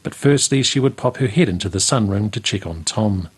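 A man reading a country story aloud in a steady, unhurried way. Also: on the low side, husky.

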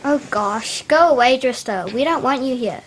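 A woman's voice: high-pitched, animated, normal speed. A girl voicing a brash, blunt teenage boy who teases and mocks. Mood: scornful. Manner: loud, mocking.

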